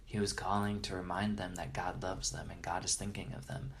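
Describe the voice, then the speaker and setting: Earnest man telling stories, lowish voice. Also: level tone, slight background noise. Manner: earnest and reverent, halting restarts. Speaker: interview guest. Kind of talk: storytelling in conversation.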